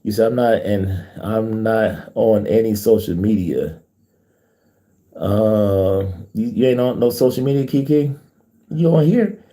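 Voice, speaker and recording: Middle-aged male livestream host, casual and encouraging, low mellow voice. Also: a little slow. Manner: reads viewer comments aloud, encouraging, repeats names. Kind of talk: casual faith livestream chat.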